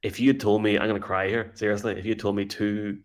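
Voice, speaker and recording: A man's voice: on the low side, little pitch movement. A man from Ireland, co-hosting a sports podcast in a chatty, teasing way. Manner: chatty, teasing, quick to laugh. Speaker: podcast co-host. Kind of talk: casual sports chat.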